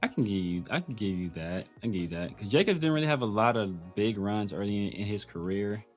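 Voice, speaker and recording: A man's voice: on the low side, lively intonation, brisk, soft background music. A man hosting a casual sports talk show, rambling with many restarts and fillers. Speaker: podcast host.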